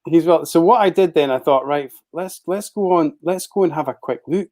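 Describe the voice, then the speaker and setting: Jokey man, slightly high voice. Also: normal speed, mellow. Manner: jokey, laid-back banter. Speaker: podcast co-host. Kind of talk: casual chat.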